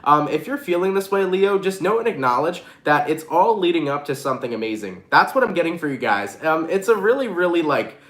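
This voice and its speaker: A man's voice: fairly high pitch, sing-song, brisk, hardly any pauses, a bit bright, reverberant. A man with a stuffy, congested nasal voice, giving a casual, slangy tarot reading straight to his viewers. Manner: hyped, slangy, addresses viewers directly. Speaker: tarot reader.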